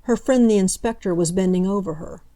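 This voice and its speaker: A woman narrating a classic novel in a calm, measured audiobook reading. Her voice is mellow and dark-toned, set at a middling pitch.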